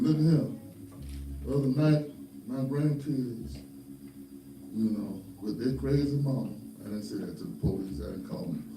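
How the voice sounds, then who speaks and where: A man's voice: medium pitch, noisy background. An older man, a pastor, preaching a folksy sermon full of humorous stories and stern warnings. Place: church. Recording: roomy church sound from far off.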